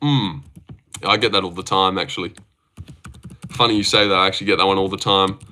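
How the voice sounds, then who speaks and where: Bright-voiced young man chatting on stream. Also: sits low, steady tone, brisk. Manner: reads viewer comments aloud and banters back jokingly. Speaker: livestream host. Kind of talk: casual live-stream chat.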